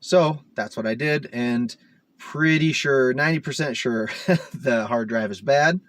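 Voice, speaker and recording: A man's voice: medium pitch, measured pace, fairly bright tone, no echo. A man rambling casually to the camera as a DIY car repair vlogger, full of fillers and self-mocking asides, recorded inside a parked SUV.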